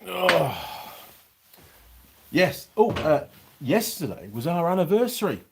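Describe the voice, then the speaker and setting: A middle-aged man talks in a loose, rambling way as he hosts a casual food vlog. His pitch bounces up and down a lot as he reads out viewer comments between bites. He sounds like he is close to the camera's mic. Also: big pitch swings, slow pace, gravelly, slight background noise. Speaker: channel host reviewing pies. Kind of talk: casual live-chat vlog.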